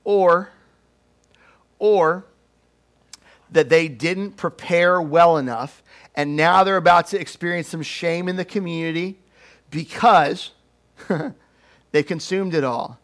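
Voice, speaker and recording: A young man preaching a sermon, telling stories in an animated, joking way and doing playful voices. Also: a little high, slow pace, pauses often. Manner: animated, jokey storytelling with playful put-on voices. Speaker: pastor.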